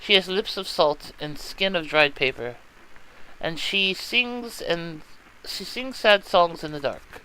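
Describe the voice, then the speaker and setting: A man's voice: on the high side, lively intonation, slow, pushed and bright, smooth, exaggerated voice, rough recording. A man voicing a gloomy, fanciful schoolgirl, with stiff, formal, theatrical phrasing. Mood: melodramatic.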